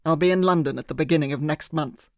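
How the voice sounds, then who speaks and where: A man doing a measured, demanding handler. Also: a little high, darkish tone, no echo, clean studio sound, lightly acted.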